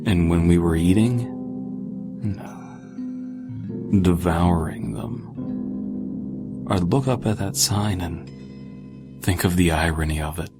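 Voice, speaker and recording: A deep-voiced man tells creepy short stories in a dry, sardonic tone, as if giving a lecture. Music plays clearly beneath his scripted narration. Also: normal speed. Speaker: horror story narrator. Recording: music playing behind.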